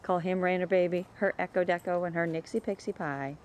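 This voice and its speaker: A woman talking casually about her dogs in her yard, chatting away and calling to them in a high sing-song. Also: fairly even intonation, a little fast, a little mellow, slight background noise. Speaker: dog breeder. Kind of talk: casual home video narration.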